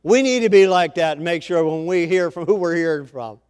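Man preaching, high voice, chatty with the congregation, rising to emphatic preaching. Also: brisk, smooth. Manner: conversational, calls on members of the congregation by name; builds to loud emphatic preaching. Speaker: pastor. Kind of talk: sermon.

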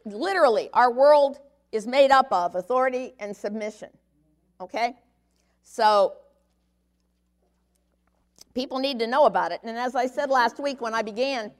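Woman giving a chatty Bible lesson. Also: fairly high pitch. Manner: conversational teaching, frequent "okay?" check-ins. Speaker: Bible teacher. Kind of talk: sermon.

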